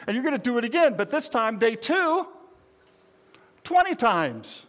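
A pastor in his sixties with a notably high voice preaches in a loose, conversational way. He jokes with the congregation and speaks straight to them in a folksy tone. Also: very animated, unhurried, fairly bright tone. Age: 60s. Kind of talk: conversational sermon.

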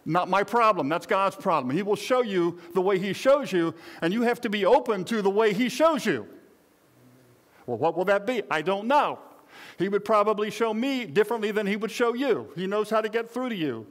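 A pastor in his sixties with a notably high voice preaches in a loose, conversational way. He jokes with the congregation and speaks straight to them in a folksy tone. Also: animated, a little fast, a bit bright. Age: 60s. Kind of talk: conversational sermon.

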